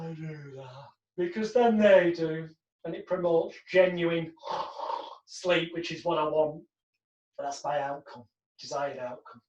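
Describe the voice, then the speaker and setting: A man teaching a hypnotherapy course. He talks bluntly and swears, then slips into slow, soothing hypnotic patter to demonstrate. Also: sits high. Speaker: hypnosis instructor. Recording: echoey, distant, dull lo-fi sound.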